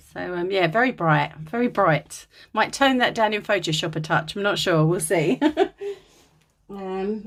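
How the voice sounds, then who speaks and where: A woman from England giving a chatty, gushing show-and-tell of vintage linens from a dim room at home. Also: medium pitch. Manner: gushing and chatty, with many ums. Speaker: crafter showing vintage linens. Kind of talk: casual show-and-tell vlog.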